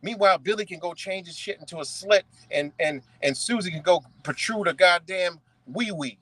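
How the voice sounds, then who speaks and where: A young man from ranting in commentary, profane and animated, often asking "right?". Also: high voice, moderate pace, dry recording, poor audio. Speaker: commentary streamer.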